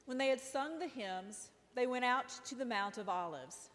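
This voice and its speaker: A woman reading scripture aloud in a slow, solemn group reading. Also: a little high, animated. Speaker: scripture reader. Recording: hall reverb.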